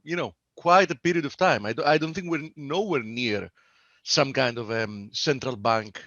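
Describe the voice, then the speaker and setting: A man's voice: mid-range voice, moderate pace, sharp tone, dry recording. A man from Greece, talking markets bluntly and with firm opinions on a video call. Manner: blunt, opinionated, self-assured. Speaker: market analyst on a trading webinar. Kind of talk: casual market chat. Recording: dull, dry video-call audio.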